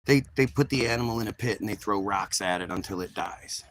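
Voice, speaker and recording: A man's voice: lowish voice, fairly quick, fairly bright tone, poor audio. A man hosting his own video, giving emphatic, rambling commentary to viewers with many repeated restarts. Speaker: video host.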